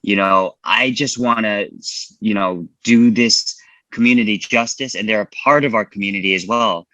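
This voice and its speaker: A man's voice: lowish voice, normal speed, bright, forceful tone, dry recording, rough recording. A man from California, a filmmaker guest answering interview questions casually and earnestly, often repeating words and filling with "you know".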